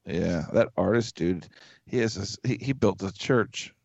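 A man's voice: low-pitched, normal speed, vocal fry, darkish tone, a little hiss or hum. A man co-hosting a podcast in casual chat, loose and easily amazed, swearing freely. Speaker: podcast co-host. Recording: dull lo-fi dry recording.

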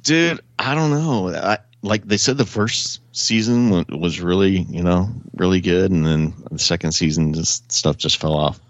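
A man on a casual podcast chat, telling a long rambling story with animated energy and frequent chuckles, heard over dull lo-fi call audio. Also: low-pitched, moderate pace, hardly any pauses, dry recording. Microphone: remote call audio.

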